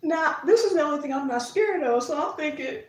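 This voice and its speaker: Laughing, animated woman gardening vlogger. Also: sits high, brisk. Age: middle-aged. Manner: laughs often, animated storyteller. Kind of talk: casual storytelling to camera. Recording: roomy, a bit distant.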